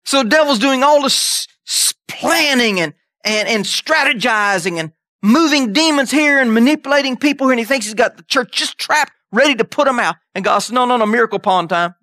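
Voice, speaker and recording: A man preaching an animated sermon who reads scripture aloud and jumps into high voices for emphasis. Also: normal speed, hardly any pauses, dry recording, clean studio sound.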